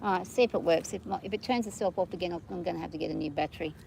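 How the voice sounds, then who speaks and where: Fairly low and darkish in tone, her gravelly voice races along over a faint hiss or hum. The middle-aged Australian woman is lunging her horse outdoors in a riding area, mixing relaxed vlog chatter with quick calls to the animal.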